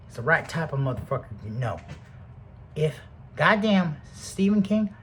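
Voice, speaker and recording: A man rambling through a profane, casual monologue to the camera, jumping between loud outbursts and soft mutters. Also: on the high side, sing-song, normal speed.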